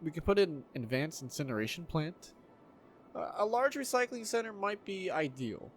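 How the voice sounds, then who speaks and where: A man casually commentating his own city-building game, excitable, swearing freely and laughing often. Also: fairly high pitch, moderate pace, soft background music. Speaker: gameplay video host. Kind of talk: casual let's-play commentary.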